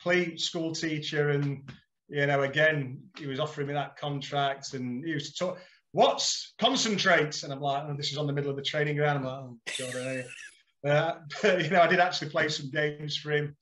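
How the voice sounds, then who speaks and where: A middle-aged man, a guest on a podcast, telling animated anecdotes and acting out the dialogue with frequent laughter. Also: fairly high pitch, a little fast. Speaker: guest, former footballer. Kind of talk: casual podcast storytelling.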